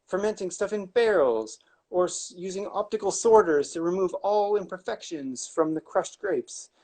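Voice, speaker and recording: Chatty winemaker man, fairly high voice. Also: lively intonation, moderate pace, darkish tone. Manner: rambling, lots of fillers and restarts, wry asides. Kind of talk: casual explanatory talk.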